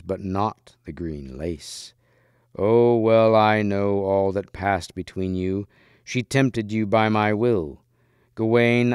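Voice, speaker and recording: A man's voice: darkish tone, clear, resonant tone, no room sound, clean studio sound, natural voice. A man reading aloud and voicing a huge, fierce green-faced knight with a mighty, commanding voice. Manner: booming, commanding.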